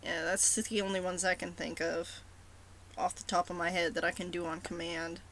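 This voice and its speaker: A woman's voice: lowish voice, flat delivery, normal speed, a bit bright, slight background noise, low-quality recording. A woman with a sore throat talking casually to her followers in a rambling, self-deprecating way. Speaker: roleplay blogger. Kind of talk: casual vlog talk.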